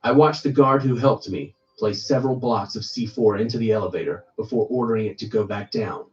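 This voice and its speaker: A man reading a first-person horror story aloud in steady storytelling narration. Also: fairly low pitch, brisk, distant mic, muffled recording, soft background music.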